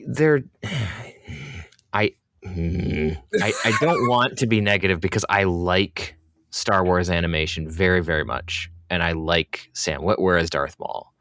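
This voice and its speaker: Low-voiced, hesitant man co-host. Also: unhurried, a bit bright. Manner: hesitant, full of ums and likes, opinionated. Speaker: podcast co-host. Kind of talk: casual chat.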